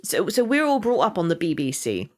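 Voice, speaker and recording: A woman from England with a Somerset accent, co-hosting a podcast in casual chat, animated and laughing often. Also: on the low side, fairly quick. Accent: Somerset English. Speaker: podcast co-host.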